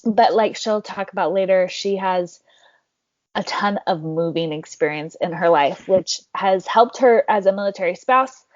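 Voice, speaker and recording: A woman's voice: medium pitch, measured pace, dry recording, lo-fi sound. A woman hosting a podcast, bubbly and gushing as she introduces her friend, her voice wearing out. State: voice giving out. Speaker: podcast host.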